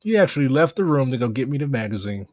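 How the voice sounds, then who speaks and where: A man's voice: mid-range voice, very animated, fast talker, darkish tone, no room sound. A young man from St. Louis hosting a casual podcast chat, loose and profane, with lots of "like.". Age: young adult. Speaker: podcast host.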